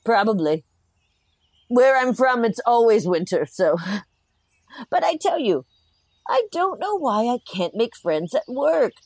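A woman's voice: fairly high pitch, sing-song, slow pace, pauses often, a little mellow, dry recording, heavily acted. A woman playing a cheerful giggly troll. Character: bearded troll roommate, female, easygoing and sheepish. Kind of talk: comedy sketch.

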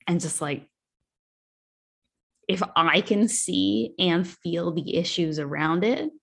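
Young woman co-host, husky voice, unhurried, rambling casual chat. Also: lowish voice. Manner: rambling, leans heavily on "like". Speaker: podcast co-host.

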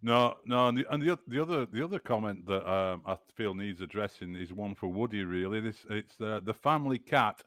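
With a fairly low, expressive, rather bright voice, this Burnley-area podcast host talks football in a chatty way, frequently restarting his words. He speaks briskly with few pauses, and the recording is dry and studio quality.

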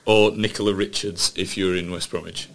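A man's voice: deep voice, fairly even intonation, normal speed, gravelly. Dry-witted man, podcast co-host. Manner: dry quips and short interjections. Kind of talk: casual political chat.

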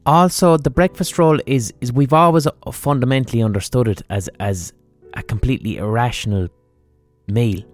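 A man's voice: mid-range voice, normal speed, faint music behind. An Irish man hosting a podcast, giving a mock-serious comic rant full of swearing. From Ireland. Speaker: podcast host.

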